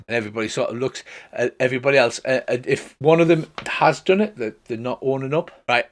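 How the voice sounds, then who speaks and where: A man's voice: mid-range voice, quick pace. A young man with a sore throat, narrating a tabletop game as game master. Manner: descriptive, relaxed, with fillers.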